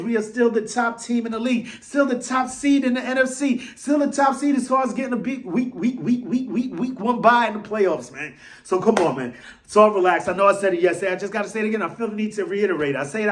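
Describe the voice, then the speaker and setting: A man rants in his fan vlog, his voice sitting high and jumping about with excitement. He rambles, drops slang and pokes fun at himself as he goes. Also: a little fast. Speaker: vlog host.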